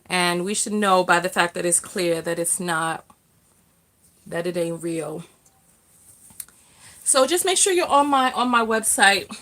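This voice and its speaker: A woman's voice: on the low side, expressive, unhurried, long pauses, a bit bright. A middle-aged woman hosting a casual livestream, reading out viewer comments in a chatty way with lots of fillers and restarts. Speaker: livestream host, self-love coach.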